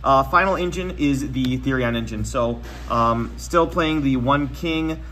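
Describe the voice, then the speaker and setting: A young man giving a casual deck breakdown, talking quickly with lots of fillers and going a little out of breath. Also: mid-range voice, slight background noise. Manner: quick, filler-heavy, trails off quietly. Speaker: deck profile presenter. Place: card tournament venue.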